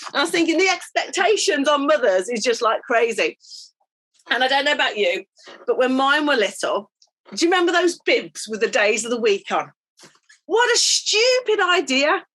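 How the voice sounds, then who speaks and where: A woman's voice: high voice, expressive, brisk, a bit bright. Middle-aged woman, chatty church speaker, anecdotal, lots of ums. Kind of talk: devotional talk to mothers.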